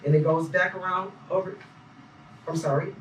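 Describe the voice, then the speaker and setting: A man's voice: sits high, steady tone, moderate pace, fairly bright tone, slight background noise. A man recounting what he observed as a poll challenger in an emphatic, detailed way, recorded in an echoey room from a distance. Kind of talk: interview testimony.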